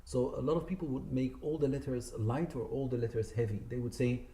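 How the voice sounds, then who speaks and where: A man's voice: medium pitch, fairly quick, few pauses, warm tone. A man teaching Quran recitation in a spoken lesson, patiently correcting common mistakes and drawing out the demonstrated words. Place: community centre room. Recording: echoey room.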